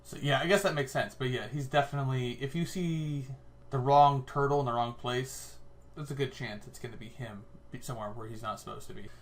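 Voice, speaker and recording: A man's voice: mid-range voice, steady tone, a little fast. A man co-hosting a podcast in casual chat, thinking aloud and laughing often. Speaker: podcast co-host.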